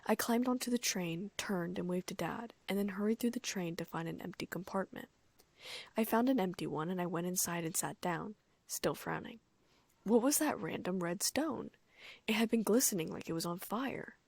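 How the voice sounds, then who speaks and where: A woman reading a first-person fan fiction audiobook in a soft, often near-whispered voice. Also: mid-range voice, moderate pace, gravelly, husky, no room sound. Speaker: audiobook narrator.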